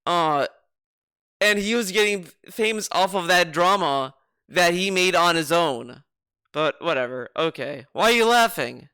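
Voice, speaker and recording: A sarcastic man talks through his reaction in a rambling, casual way. His voice sits high, bright and crisp. He keeps repeating himself as he argues each point. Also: animated, unhurried, no room sound, studio quality. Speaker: streamer reacting to a video.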